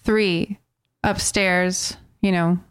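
A young American woman tells a trip story among friends, lively and joking, with a smooth, resonant voice. The sound is close and dry. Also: on the low side, very slow, dry recording. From United States. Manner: animated storyteller, playfully puts on accents. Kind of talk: casual chat about a trip.

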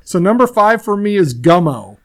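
Man, middle-aged, high voice, dry wry podcast banter. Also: sing-song, normal speed. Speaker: podcast co-host. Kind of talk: casual chat.

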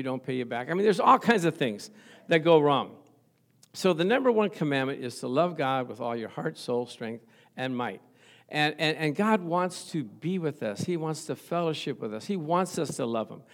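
Emphatic preaching man, slightly high voice. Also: expressive, normal speed. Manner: emphatic, repeats phrases for stress; chuckles at his own stories. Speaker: pastor. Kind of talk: sermon.

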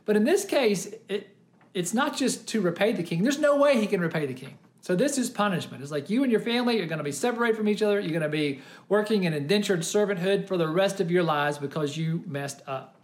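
Animated preacher retelling a parable. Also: medium pitch, brisk. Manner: animated storytelling, often exclaiming. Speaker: pastor. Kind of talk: sermon.

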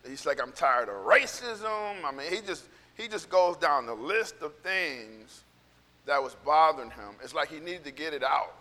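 A man's voice: a little high, normal speed, sharp tone. A male pastor preaching casually, telling a rambling story with many restarts that builds into fervent, repeated encouragement. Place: church sanctuary. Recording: long hall reverb.

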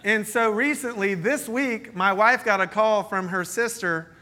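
Brief: male pastor, high and bright tone, lively storytelling sermon. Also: a little slow. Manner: storytelling, joking, animated. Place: church meeting space.

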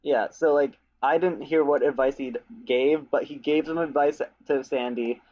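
A man's voice: medium pitch, steady tone, moderate pace. A man co-hosting a podcast, recapping a movie in loose, joking chat full of "like" fillers. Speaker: podcast co-host. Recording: dull lo-fi audio.

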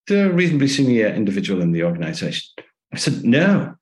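A man being interviewed as an author, telling lively anecdotes and acting out the dialogue in them. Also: on the low side, brisk. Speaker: author and guest. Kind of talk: conversational storytelling interview. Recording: echoey room.

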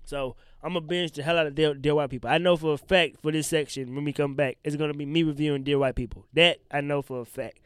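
Young guy podcasting solo, stuffed-up voice but smooth and kinda high, super dry close mic, slangy and animated. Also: fast talker, few pauses, no room sound. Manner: loose, slangy and animated, addressing listeners directly. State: congested, throat giving out. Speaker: podcast host. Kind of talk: casual solo podcast talk.

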